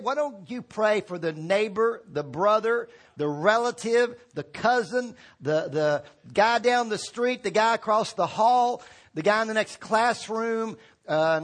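A man's voice: high voice, a bit bright. A man preaching a sermon as pastor, talking informally and asking the congregation to repeat words after him. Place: church sanctuary.

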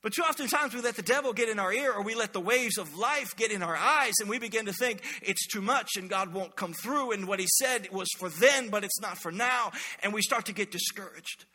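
Bright, high-voiced pastor preaching. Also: male voice, brisk, hardly any pauses, in a large hall. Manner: animated storytelling, acts out quoted voices. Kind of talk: sermon.

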